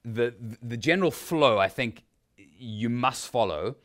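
A man's voice: medium pitch, lively intonation, unhurried, a bit bright. A man, teaching a workshop on sermon preparation in a conversational way, with frequent restarts and rhetorical questions. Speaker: preacher teaching a preaching workshop. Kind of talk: informal teaching talk.

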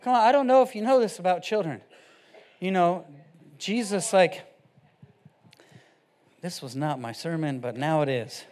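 Man, preacher, high voice, casual animated sermon, quiet readings, loud bursts. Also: moderate pace, long pauses, a little hiss or hum. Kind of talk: off-the-cuff sermon.

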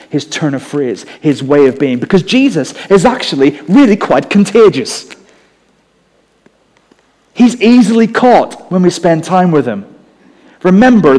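A man with a softened Northern Irish accent preaching a sermon in a conversational way, with humorous asides. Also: on the high side, big-room sound. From Northern Ireland.

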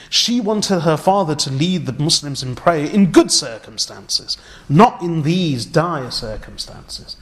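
A man preaching a sermon, telling an old story with earnest feeling and Arabic religious phrases, sinking to a hushed voice at the most moving points. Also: on the high side.

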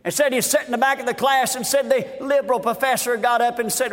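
Fervent high-voiced shouting preacher. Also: male voice, fairly even intonation, quick pace, few pauses, long reverb tail. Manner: fervent, shouting, repeating refrains. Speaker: guest preacher. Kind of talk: revival sermon.

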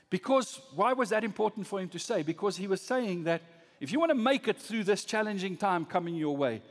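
A pastor preaching a sermon, swinging from loud rising emphasis to low, soft lines. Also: male voice, in a large hall.

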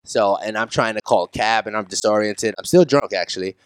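A young man co-hosting a casual podcast, telling stories at an easy pace and swearing now and then. His voice is smooth, clear and fairly low. The room sound is dry and close. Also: brisk, no room sound, poor audio. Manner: laid-back storyteller, swears casually. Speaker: podcast co-host. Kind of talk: casual podcast chat, storytelling.

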